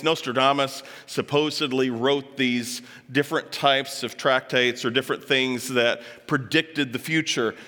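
A man with a bright, forceful voice talks to a live audience, cracking jokes and asking them questions. His words ring out with a long reverb from a large hall around him. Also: medium pitch. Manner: chatty, joking asides, puts on voices for quotes. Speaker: speaker addressing an audience. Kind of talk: lively talk to a live audience.

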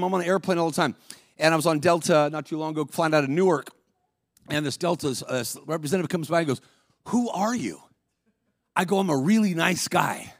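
High-voiced man preaching a sermon. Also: no room sound. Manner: call-and-response preaching, rising to shouts. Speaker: guest preacher. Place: church sanctuary.

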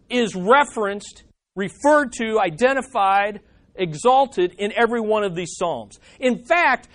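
Bible teacher preaching to a class, emphatic, reads scripture, loud highs and hushed lows. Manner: emphatic, swings between loud declaring and hushed low lines; reads scripture aloud with call-and-response asides. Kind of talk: sermon-style Bible teaching.

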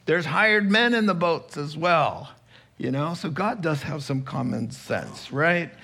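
Male pastor, lively sermon delivery, acts out the voices he quotes, slightly high-pitched, unhurried. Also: creaky. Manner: animated, chuckling, acting out quotes.

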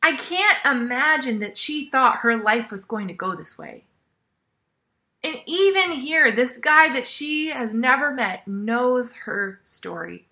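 A woman preaching a sermon in a conversational way, often dropping to a soft near-whisper. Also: sits high, lively intonation, slow.

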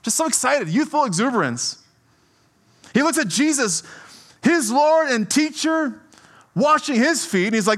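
Male pastor, bright and tense tone, animated conversational preaching. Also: very high voice, a little slow, pauses often. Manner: conversational, often asks "right?"; animated, swings between soft and emphatic. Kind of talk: sermon.

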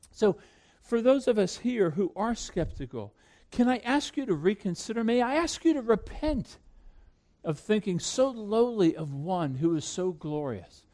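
A man preaching a sermon to a congregation, swinging between loud emphatic peaks and hushed low asides. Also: big pitch swings, unhurried. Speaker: pastor.

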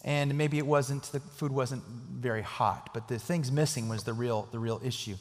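A man's voice: medium pitch, steady tone, normal speed. A man preaching a sermon, telling a story and then leading a prayer, earnest and emphatic, often repeating key phrases. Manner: earnest, emphatic repetition, chuckles while telling stories. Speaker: pastor. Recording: echoey hall reverb.

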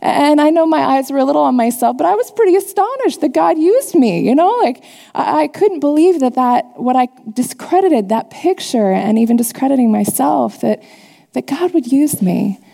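Woman preacher, earnest testimony-style sermon, slightly high and warm with a gravelly edge, captured in a reverberant church hall. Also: lively intonation, moderate pace. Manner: earnest, confessional storytelling to a congregation. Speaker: church teacher.

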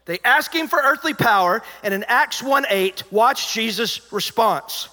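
A man preaching a sermon as pastor, in an animated, conversational style. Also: very high-pitched, unhurried. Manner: animated, conversational preaching with acted-out quotes and dropping to a hushed voice. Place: large church auditorium. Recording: reverberant church hall.

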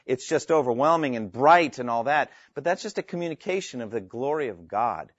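A man's voice: medium pitch, animated, brisk, no room sound, lo-fi sound. A man teaching the Bible to a live class, earnest and emphatic as he reads scripture aloud, explains it and takes questions.

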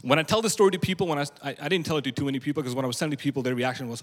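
A man's voice: medium pitch, very fast, few pauses. Young man telling his story in a reverberant hall. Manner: candid conversational storytelling. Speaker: speaker at church event. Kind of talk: personal testimony talk. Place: church hall, live event. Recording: long reverb from a live hall.

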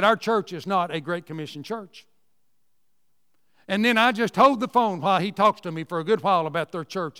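A man's voice: high-pitched, a bit bright, smooth. A man teaching a Sunday school talk in a folksy storytelling manner, repeating words and building to emphatic asides. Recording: long hall reverb.

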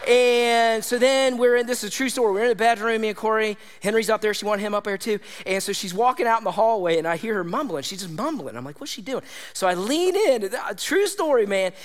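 A man preaching a sermon to his congregation, energetic and conversational, often checking in with his listeners. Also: sits high, brisk, hardly any pauses, in a large hall. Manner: energetic, conversational, with tag questions like "all right?". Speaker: pastor. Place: church hall.

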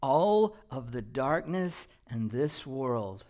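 A male pastor preaching a sermon in a church, moving from quiet, low passages to loud, emphatic ones. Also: sing-song, takes it slowly. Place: church sanctuary.

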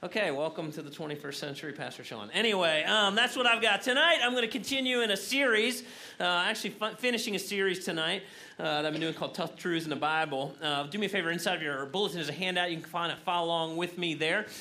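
A pastor preaching at an evening church service. He talks in a loose, conversational way, full of fillers, with a high and bright voice. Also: fast. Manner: casual and conversational, with many fillers.

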